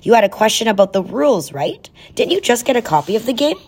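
A woman voicing a bright, clever young girl in a storybook reading. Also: a little high, sing-song, fast talker, breathy edge, pitched above the performer's own voice, heavily acted. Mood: scheming. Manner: bright, chatty.

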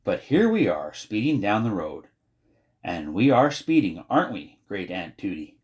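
Pedantic, sardonic storybook boy, read by a man, low and lively. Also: moderate pace. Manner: wordy, precise, sardonic. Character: fussy, pedantic know-it-all boy.

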